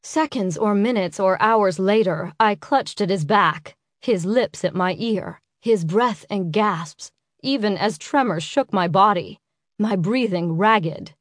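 A woman's voice: mid-range voice, slow, no echo, clean studio sound. Woman narrating an intimate audiobook. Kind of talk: first-person romance audiobook narration.

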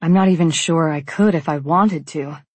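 A woman narrating a first-person fantasy novel in a calm, reflective way. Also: deep voice, moderate pace, husky, dry recording. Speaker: audiobook narrator.

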